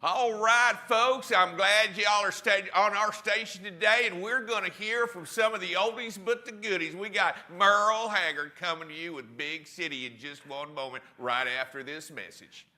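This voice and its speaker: A folksy country radio DJ, as a man puts him on, leaning into an easy drawl and homespun patter while he sets up the next oldies record. His voice sits well above a normal speaking pitch and sounds sunny and cutting. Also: normal speed, few pauses, bright, forceful tone. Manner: drawling, laid-back oldies announcer patter. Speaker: co-host doing a bit.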